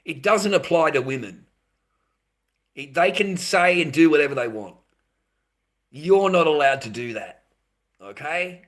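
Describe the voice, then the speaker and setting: A man's voice: medium pitch, a bit bright. A man hosting a livestream, ranting bluntly and swearing constantly, repeating his points and calling viewers mate. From Australia. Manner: repetitive, addresses viewers as mate. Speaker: livestream host. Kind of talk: livestream rant.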